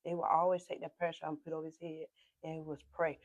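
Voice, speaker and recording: Talking fast in a low voice with little pitch movement, a South Carolina-accented pastor gives her testimony as a podcast guest. She bursts with emotion, quotes and re-enacts others' dialogue, repeats phrases, and often drops to a soft whisper. The audio is close and dry, no room echo, with the highs cut off.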